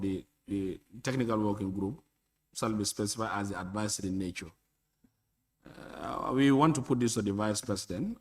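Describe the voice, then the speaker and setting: A man presenting committee recommendations in a halting, filler-heavy way. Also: fairly low pitch, a bit bright. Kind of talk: formal parliamentary address. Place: legislative chamber.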